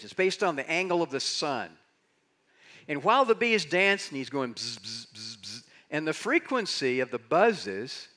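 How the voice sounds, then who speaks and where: An older man giving a conference keynote, telling stories and acting out quotes with big swings in his voice. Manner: animated storyteller, acts out quotes with big jumps in pitch. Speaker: conference speaker. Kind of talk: keynote talk on leading change. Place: conference stage in a large hall.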